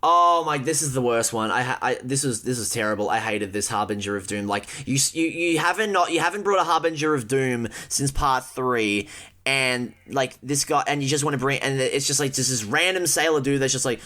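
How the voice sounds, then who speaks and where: A man's voice: mid-range voice, fairly quick, bright, forceful tone. A man co-hosting a podcast, ranting in casual chat with heavy swearing and exasperation. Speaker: podcast co-host. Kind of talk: casual chat reviewing a film.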